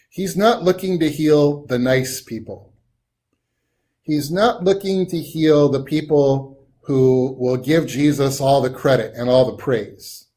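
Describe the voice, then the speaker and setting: A man's voice: a little high, darkish tone. A man leading a Bible study in a conversational teaching style, thinking aloud with frequent ums and restarts.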